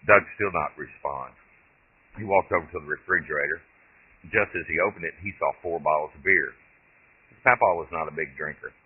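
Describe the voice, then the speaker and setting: A man, the author, reading his own short story aloud in steady, plain storytelling. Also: extremely low pitch, husky. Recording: tinny lo-fi phone-like audio.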